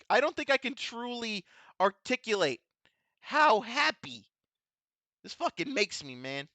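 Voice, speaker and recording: Extremely high-pitched and sing-song, this man's bright, forceful voice moves at a measured pace with long pauses and no echo. A vtuber host reviewing a tokusatsu episode, he gushes emotionally and overwhelmed, emphatic, repetitive and swearing freely in his excited praise.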